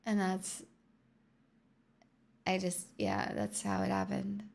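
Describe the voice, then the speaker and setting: A young woman with an Australian accent chatting to her live stream viewers, answering their comments in a flat, tired way with self-mocking jokes. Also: medium pitch, slow, vocal fry. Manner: flat, tired delivery with joking self-mockery. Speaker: livestreamer. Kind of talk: casual live chat reading comments.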